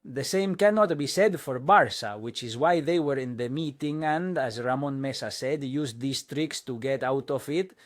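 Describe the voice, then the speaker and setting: Guy ranting about football in a dubbed monologue, mid pitch, lots of uh's and restarts, dry close sound. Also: moderate pace, hardly any pauses, dry recording. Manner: rambling, full of fillers and restarts, rising to indignant bursts. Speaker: football commentator. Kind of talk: opinion monologue, dubbed into English.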